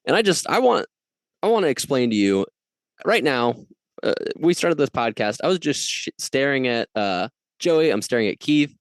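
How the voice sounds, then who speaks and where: A man chatting on a podcast as the guest, animated and joking, throwing on mock-outraged voices. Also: mid-range voice, normal speed, no room sound. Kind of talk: casual chat.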